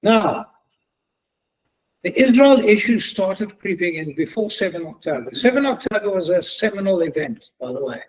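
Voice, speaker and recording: A man's voice: sits high, lively intonation, moderate pace, husky, low-quality recording. A middle-aged man giving a chatty, joking talk as guest speaker, telling anecdotes. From South Africa. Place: synagogue event hall.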